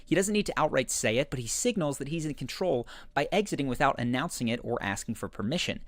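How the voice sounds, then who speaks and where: A man narrating a scripted video essay that explains confident behavior, in a measured, explanatory way. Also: medium pitch, animated, no echo. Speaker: commentator analyzing a TV character.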